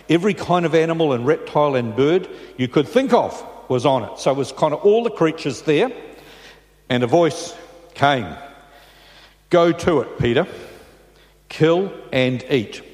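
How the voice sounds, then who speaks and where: A male pastor delivers his sermon in a loose, conversational style, pausing to check in with the congregation. His voice sits a bit higher than most men's, and it rings with a long reverb from the large church around him. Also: darkish tone.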